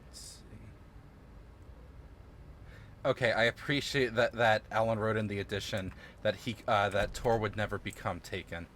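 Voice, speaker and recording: A man's voice: lowish voice, steady tone, moderate pace, pauses often, fairly bright tone, a little hiss or hum. A man streaming a game live, commenting casually with swearing and frequent laughter. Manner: casual, profane, laughs often.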